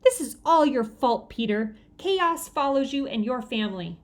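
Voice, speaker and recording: A woman's voice: high voice, expressive, normal speed. A woman voicing a haughty, cranky teenage girl in a children's audiobook, prim and lecturing.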